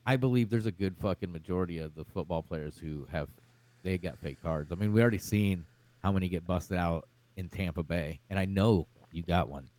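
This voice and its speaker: Brief: low male guest, swearing, rambling rant, dry close mic. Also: fairly quick, darkish tone, no echo. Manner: profane, rambling, ranting. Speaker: podcast guest. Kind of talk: casual chat.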